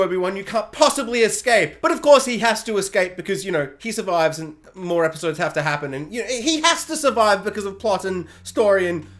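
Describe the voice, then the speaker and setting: Casual male reviewer, sarcastic and rambling, lively swooping delivery. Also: high-pitched. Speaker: video reviewer.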